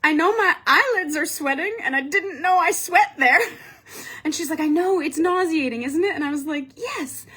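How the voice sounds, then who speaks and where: A woman telling a casual story as a host, animated and self-mocking, with frequent fillers. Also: very high-pitched, moderate pace. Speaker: Pilates instructor and podcast host.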